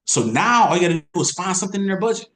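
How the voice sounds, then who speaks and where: A man giving an energetic, repetitive sales training talk as an insurance coach. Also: sits high, rapid-fire. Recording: roomy echo.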